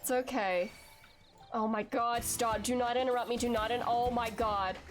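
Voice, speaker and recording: A woman's voice: a little high, steady tone, moderate pace, soft background music. A woman streaming a video game while sick, chatting casually and rambling with lots of "like.". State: sick, saving her voice. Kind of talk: casual gaming commentary.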